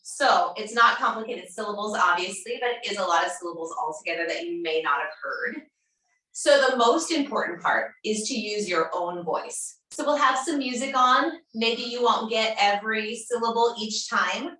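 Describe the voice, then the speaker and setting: A woman teaching a yoga class, giving calm, encouraging instructions. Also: medium pitch, moderate pace. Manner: calm, encouraging, gently chanting mantra syllables. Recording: roomy echo, speaker far from mic.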